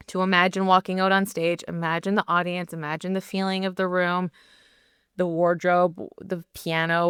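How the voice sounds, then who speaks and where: Young adult woman podcast host, chatty and candid, smooth crisp tone, dry close sound. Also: lowish voice, a bit bright, dry recording. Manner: chatty, candid storytelling with many "like" fillers. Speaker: podcast host and performance coach. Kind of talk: solo podcast monologue.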